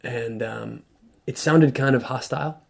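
A man as an interview guest, telling a personal story in a thoughtful, halting way with frequent restarts. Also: mid-range voice, creaky. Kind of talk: reflective storytelling conversation.

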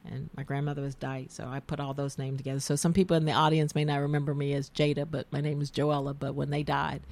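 A woman's voice: low voice, little pitch movement, fast talker, darkish tone. A middle-aged woman with a Southern US accent, hosting a casual radio talk show and telling stories in a tangential, emotional way. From American South.

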